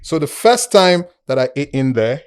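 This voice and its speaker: A man from Nigeria with a Nigerian accent, a podcast guest who tells a story in a casual, animated way and acts out the people he quotes. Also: on the high side, normal speed, clear, resonant tone.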